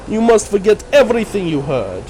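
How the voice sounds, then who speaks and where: A man voicing a menacing adult female game villain with a put-on Russian accent, speaking in a low, threatening way. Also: very animated, fairly quick, dark tone, soft background music.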